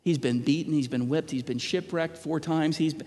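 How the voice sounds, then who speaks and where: A man's voice: fairly high pitch, normal speed, dark tone. A middle-aged man, a pastor, preaching earnestly to a congregation, stumbling over restarts and asking the people questions. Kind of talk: sermon. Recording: long hall reverb.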